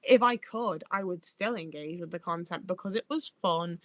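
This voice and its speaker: A woman's voice: on the low side, normal speed, no echo. A woman livestreaming who reads out chat as she goes. She rambles, swears freely and trips over her own words.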